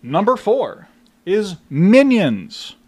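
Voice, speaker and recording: Dry-joking young man, slightly high voice. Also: big pitch swings, drawn-out words, darkish tone, husky. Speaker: podcast co-host, movie reviewer. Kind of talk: casual chat.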